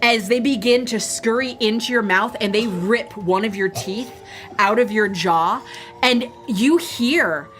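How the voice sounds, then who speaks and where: A woman narrating as game master of a tabletop role-playing game, playful and quick to laugh. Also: fairly high pitch, a bit bright, soft background music. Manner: playful, laughing between dice rolls.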